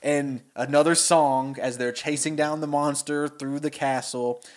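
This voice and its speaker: A young man co-hosting a podcast, excitedly pitching a story with animated storytelling. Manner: animated storytelling, quick voice switches. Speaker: podcast co-host. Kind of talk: casual chat, pitching a story.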